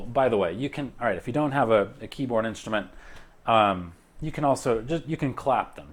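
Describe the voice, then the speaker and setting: A man teaching a recorded music lesson, counting beats aloud in a relaxed way with frequent fillers, while a keyboard plays along. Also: medium pitch. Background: keyboard and clapping.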